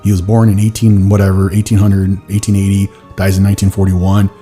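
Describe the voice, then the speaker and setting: A man's voice: low voice, monotone, brisk, mellow, soft background music. A man hosting a podcast in casual chat, telling rambling stories full of "like" and slipping into silly put-on voices. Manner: rambling storyteller, heavy use of "like", slips into silly voices. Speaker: podcast host.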